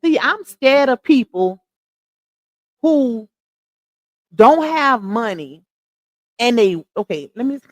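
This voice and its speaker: A woman's voice: on the high side, expressive, slow pace, pauses often, no echo. A woman hosting a casual livestream, chatting straight to her viewers and laughing often. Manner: laughs often while talking. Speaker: livestream host.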